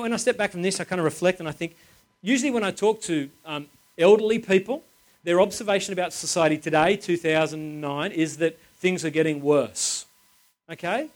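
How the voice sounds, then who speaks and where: A man preaching a sermon in an informal, chatty way, driving points home by repeating phrases. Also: a little high. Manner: emphatic, repeats phrases for stress.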